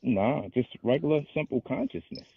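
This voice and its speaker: A man hosting a call-in show, arguing casually and slowing down to quote scripture. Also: mid-range voice, lively intonation. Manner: argumentative, halting, restarts and slows to quote scripture. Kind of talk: casual debate. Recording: husky voice over a tinny phone-like line.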